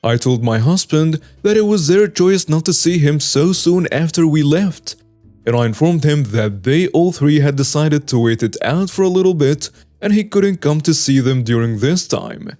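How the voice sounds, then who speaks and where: A man reading online stories aloud as the regular narrator of a story channel, in a steady scripted voice. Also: fairly high pitch, normal speed, soft background music.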